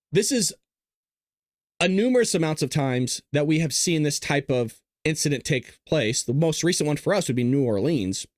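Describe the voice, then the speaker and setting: A man hosting a live stream, talking to the chat in a blunt, casual, combative way and often clearing his throat. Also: mid-range voice, no echo, studio quality. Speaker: show host. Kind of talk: livestream commentary to a chat.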